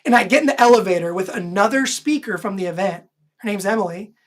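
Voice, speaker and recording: A woman host animatedly telling a personal story, lively and self-deprecating, laughing often. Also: medium pitch, fast talker. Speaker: host recounting her own stories.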